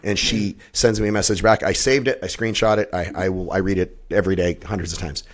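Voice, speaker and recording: Fifties guy on a podcast, low voice, cussing a lot, real intense and blunt. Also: steady tone, quick pace. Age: 50s. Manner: blunt, heavily profane, intense. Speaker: podcast guest. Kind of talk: emotional personal storytelling.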